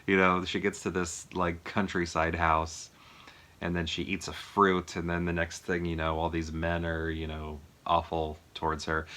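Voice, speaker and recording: A man's voice: extremely low pitch, pushed and bright. A man casually reviewing a film as a vlog host, rambling with lots of fillers and chuckles. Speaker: movie review vlogger. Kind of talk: casual chat.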